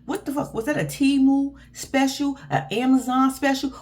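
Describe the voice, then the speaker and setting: A woman's voice: high-pitched, steady tone, moderate pace, few pauses, darkish tone. A woman, casually ranting through a blunt, profane reaction recap as a show host.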